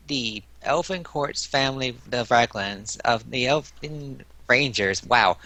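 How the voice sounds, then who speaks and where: A man's voice: mid-range voice, slow pace, hardly any pauses, bright, forceful tone. A man playing a tabletop game, rambling and laughing as he talks. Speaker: player. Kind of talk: casual tabletop play.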